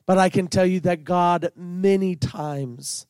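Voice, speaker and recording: A man preaching as a pastor, fervent and emphatic, building into shouted passages. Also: sits high, takes it slowly, clear, resonant tone, dry recording. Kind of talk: sermon.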